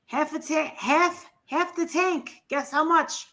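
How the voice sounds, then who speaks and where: A brash co-host with a New Jersey accent, her voice sitting high and ringing. She talks bluntly and loudly, cursing without a second thought. It is a loose, casual chat. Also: fairly even intonation, slow. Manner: loud, blunt, swears freely.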